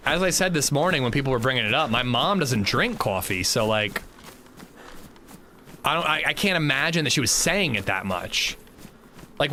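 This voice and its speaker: A man's voice: medium pitch, sharp tone, a little hiss or hum. A man streaming a game, chatting casually and rambling in a self-mocking way. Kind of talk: casual chat while gaming.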